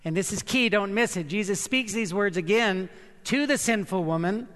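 A man preaching a sermon, earnest and emphatic, with slow dramatic pauses. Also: high voice, fairly bright tone, big-room sound. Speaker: pastor.

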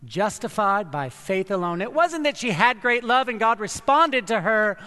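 A man preaching a sermon, earnest and emphatic, with slow dramatic pauses. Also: high-pitched, big pitch swings, bright, forceful tone, in a large hall. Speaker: pastor.

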